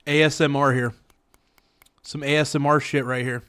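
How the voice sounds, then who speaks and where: A man's voice: medium pitch, level tone, moderate pace, fairly bright tone, clean tone. Young man, casual livestream host, rambling jokester who pokes fun at himself. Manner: rambling, joking, self-mocking. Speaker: live streamer reading chat.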